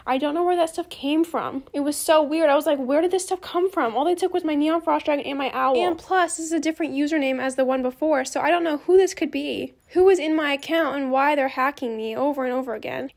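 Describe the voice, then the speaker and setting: A woman's voice: high voice, fairly quick, gravelly, few pauses. A teenage girl giving a casual, rambling voice-over for her gaming channel, earnestly repeating her thanks. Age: teens. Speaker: gaming YouTuber.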